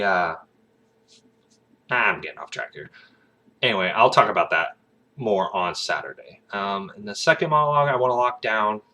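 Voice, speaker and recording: Low-voiced man rambling casually. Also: pushed and bright. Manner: rambling, sidetracked, many fillers. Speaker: aspiring actor vlogger.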